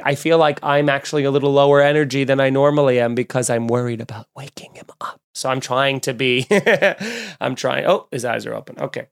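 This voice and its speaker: Rambling comedian hosting a podcast. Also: male voice, medium pitch. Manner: loose, rambling, jokey. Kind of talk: casual podcast chat and plugs.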